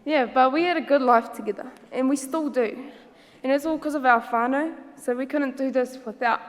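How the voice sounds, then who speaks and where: Kiwi woman talking to a crowd, kinda high voice, hesitant with lots of ums, long hall echo. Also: moderate pace. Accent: New Zealand. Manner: casual, hesitant with many ums, mixes in Māori words. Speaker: symposium speaker. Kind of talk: personal presentation to an audience.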